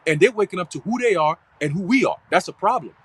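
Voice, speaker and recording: A man's voice: high voice, animated, quick pace, fairly bright tone, breathy edge, poor audio. A man giving a live church teaching in casual, slangy, profane talk full of fillers. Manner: slangy and profane, heavy fillers like "you know what I'm saying". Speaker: church speaker.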